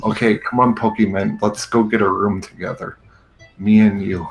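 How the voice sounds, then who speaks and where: A man's voice: on the low side, fairly even intonation, moderate pace, a little hiss or hum, rough recording. A man hosting a comedy show, ranting sarcastically and with exasperation. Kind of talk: comedic rant over a game show stream.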